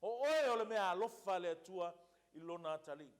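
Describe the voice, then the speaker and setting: A man preaching from the pulpit, his voice sitting high for a man. He hammers his points home with emphatic repetition and moves back and forth between two languages. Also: lively intonation, fast. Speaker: pastor. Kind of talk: sermon.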